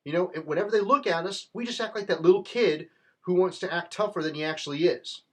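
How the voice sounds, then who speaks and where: A political commentator delivers an impassioned, rallying monologue, his high-pitched voice moving fast. His manner is fervent and rhetorical.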